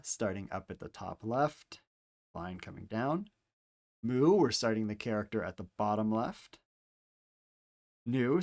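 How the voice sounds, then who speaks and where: A man teaching how to handwrite Greek letters, calmly explaining each stroke step by step, with playful asides now and then. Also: on the low side. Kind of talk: handwriting tutorial instruction.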